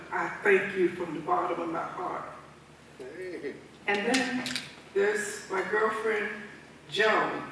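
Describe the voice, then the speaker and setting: A woman's voice: medium pitch, creaky, fairly bright tone, slight background noise. A woman in her seventies giving a thank-you speech at her own birthday party, telling stories with frequent chuckles and restarts. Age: 70s. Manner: chuckling, loose speaker who restarts phrases. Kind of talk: warm, unscripted storytelling speech. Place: large event hall at a birthday party. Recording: echoey hall recorded from far off.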